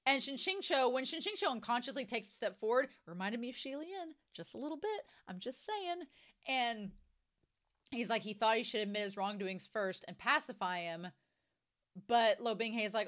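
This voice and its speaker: A young woman casually discussing a novel she is reading, animated and jumping to excited high notes. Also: normal speed. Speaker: book reviewer.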